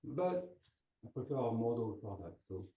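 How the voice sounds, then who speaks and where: A man's voice: medium pitch, sing-song, moderate pace, echoey room, far from the mic, narrow, tinny audio. A man with a French accent speaking hesitantly on a panel, searching for words. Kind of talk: panel discussion.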